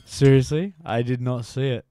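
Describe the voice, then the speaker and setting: A man's voice: mid-range voice, normal speed. A man streaming a game and chatting casually, rambling and self-mocking while he answers chat. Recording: steady noise behind the voice.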